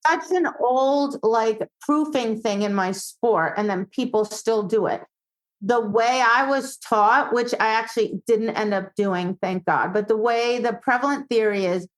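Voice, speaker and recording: A woman dog trainer chats as a podcast guest, her voice sitting a little higher than most. She tells stories with lots of life and slips into playful quoted voices. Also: low-quality recording. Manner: animated storytelling, acts out quoted voices. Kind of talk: casual podcast chat.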